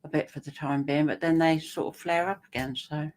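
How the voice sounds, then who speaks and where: A woman's voice: sits low, fairly even intonation, fairly quick, darkish tone, a little hiss or hum. An older woman, chatting casually with her daughter on a live stream and telling homely stories. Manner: homely, storytelling. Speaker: co-host, the host's mother. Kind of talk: casual chat.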